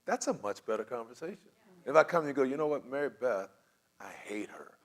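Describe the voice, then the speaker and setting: A man's voice: medium pitch, fast. A man leading a church conflict class, teaching conversationally and acting out quoted voices with frequent laughs. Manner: animated, acts out quoted voices, laughs often.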